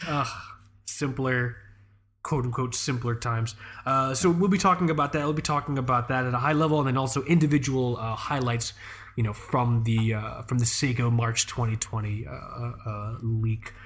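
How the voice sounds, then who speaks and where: A man co-hosts a podcast in casual conversation, his medium-pitched, fairly bright voice moving at a moderate pace with fairly even intonation. He rambles and swears, filling his speech with fillers and restarts.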